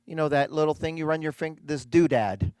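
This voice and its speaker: Guy doing an organ demo online, excited, chatty, talks to the folks watching, dry close sound. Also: a little high, a little fast, clean tone, no room sound. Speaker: organ demonstrator and presenter. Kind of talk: enthusiastic live-streamed product demo.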